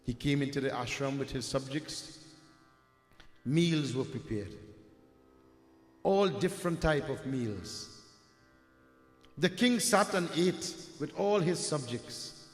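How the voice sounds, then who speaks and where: A Hindu preacher from Trinidad, speaking with a Trinidadian accent, tells a devotional katha as a sermon in a rhetorical style, addressing "my dear friends" and asking "huh?" His slightly high voice has lively intonation, moving slowly with frequent pauses. Faint music plays behind him in an echoey hall with long reverb.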